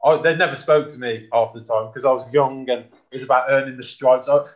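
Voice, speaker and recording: A man's voice: medium pitch, fairly even intonation, brisk. A man, talking frankly in a casual chat as a former rugby player. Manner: blunt, frank, says mate often. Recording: dull lo-fi sound.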